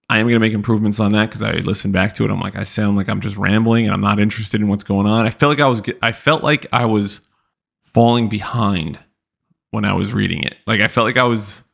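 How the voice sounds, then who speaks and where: A man's voice: on the low side, brisk, creaky, a bit bright. A young man hosting a podcast, casually telling a long story in a rambling, profane, exasperated way. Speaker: podcast host.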